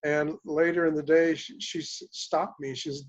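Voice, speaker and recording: A man's voice: on the high side, little pitch movement, normal speed, hardly any pauses, dull audio. A man on a group call, casually telling a rambling testimonial from a hotel room. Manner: rambling and anecdotal, with restarts. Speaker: caller sharing a product testimonial. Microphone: online group call.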